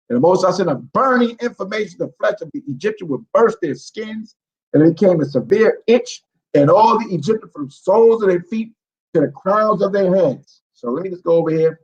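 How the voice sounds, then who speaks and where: A man's voice: high voice, lo-fi sound. A man reads scripture aloud, stumbling over words and breaking off into profane, incredulous commentary.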